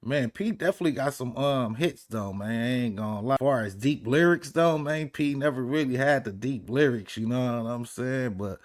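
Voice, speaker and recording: A man's voice: medium pitch, moderate pace, few pauses. A man in a mid-range voice gives laid-back reaction commentary. His talk is slangy and loose, and he keeps saying "man.". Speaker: reaction channel host.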